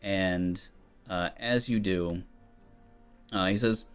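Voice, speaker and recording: A man narrating as game master of a tabletop game, loose and relaxed with frequent ums. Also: low-pitched, slow pace, smooth, soft background music.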